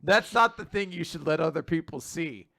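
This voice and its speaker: A man's voice: fairly high pitch, lively intonation, moderate pace, creaky, bright, forceful tone, dry recording, full character voice. A man voicing a cold, dismissive young man who sneers at his rival. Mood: scornful.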